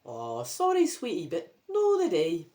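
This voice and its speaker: A Scottish woman voicing a kindly grandmother who turns into a slow, droning zombie, with soft, coaxing, drawn-out lines. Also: lowish voice, wildly swooping pitch. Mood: gentle.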